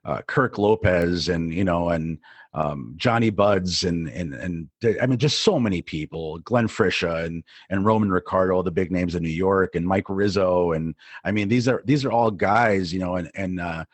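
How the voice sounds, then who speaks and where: A deep-voiced middle-aged man from New Jersey, a DJ who co-hosts a podcast, speaks at a moderate pace with no room sound. His casual storytelling rambles, with plenty of fillers and restarts.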